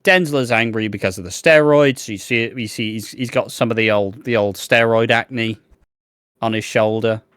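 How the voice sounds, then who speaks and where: A man's voice: on the low side, normal speed, a bit bright, clean tone, no room sound. Brash jokey man, dry sound. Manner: brash and jokey, swears freely. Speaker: podcast co-host. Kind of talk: casual chat recapping a soap.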